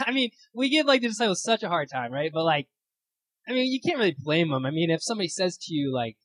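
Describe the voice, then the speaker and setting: Husky-voiced young retreat speaker, chatty and casual. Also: medium pitch, very animated, fast talker, a bit bright, no echo, rough recording. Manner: chatty, many fillers, acts out quotes and laughs at own stories. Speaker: retreat speaker leading a Bible study. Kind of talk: casual teaching talk. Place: meeting room at a retreat.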